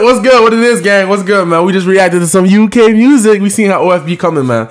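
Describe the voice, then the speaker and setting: A young American man with an excitable, slangy manner, reacting casually and talking to his chat with loud outbursts. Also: high voice, a little fast, few pauses. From United States. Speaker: reaction streamer.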